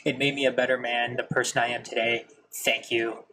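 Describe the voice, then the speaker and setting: A man's voice: medium pitch, little pitch movement, quick pace, pushed and bright, slight background noise. A young man with a nasal Midwestern accent hosting a casual sports podcast, rambling and self-deprecating and tripping over his own words. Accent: Midwestern American. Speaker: podcast host.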